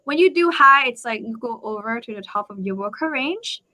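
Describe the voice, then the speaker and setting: A woman whose first language is Thai, teaching tones to a student over a video call, patient and coaching, with sudden high jumps in her demonstrations. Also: lively intonation, brisk, pushed and bright. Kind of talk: live online lesson.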